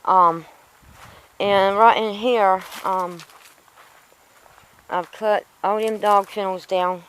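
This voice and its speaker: A woman's voice: mid-range voice, fairly even intonation, takes it slowly, fairly bright tone, smooth, poor audio. A woman rambling casually to her vlog camera, frustrated and in pain from a sore tooth. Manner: rambling, frustrated, self-talking. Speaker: vlogger. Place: outdoors in a yard.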